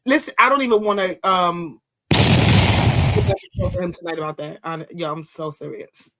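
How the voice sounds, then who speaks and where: A woman's voice: fairly low pitch, animated, moderate pace, heavy background noise. A woman co-hosting a podcast in casual chat, laughing and pushing back, exasperated. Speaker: podcast co-host.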